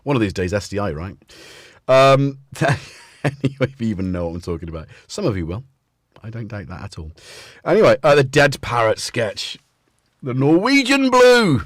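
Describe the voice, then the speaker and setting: A man's voice: fairly low pitch, expressive, fairly quick, no room sound, clean studio sound. Rambling man, chatty livestream host. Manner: rambling and chatty, laughs often. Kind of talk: casual livestream chat.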